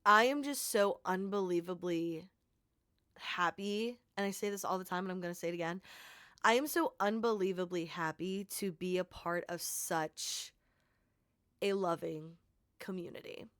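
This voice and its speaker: A woman's voice: fairly low pitch, moderate pace, fairly bright tone, clean tone, no room sound, clean studio sound. A young woman content creator talking in a casual vlog, rambling and heartfelt, with many "like"s. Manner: rambling, heavy use of "like", heartfelt and gushing.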